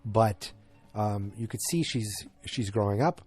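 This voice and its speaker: A man's voice: on the low side, unhurried, a little mellow, faint music behind. A man hosting a podcast, chatting through an episode recap in a rambling way that flares into exasperation. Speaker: podcast host.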